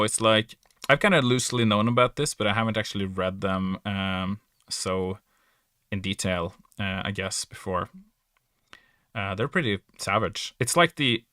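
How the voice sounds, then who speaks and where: A man's voice: on the low side, sharp tone, dry recording, clean studio sound. A man from Norway with a Norwegian accent, a native Norwegian speaker, chatting casually in English, hesitant and self-correcting with frequent laughs. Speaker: podcast guest or player. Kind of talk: casual chat.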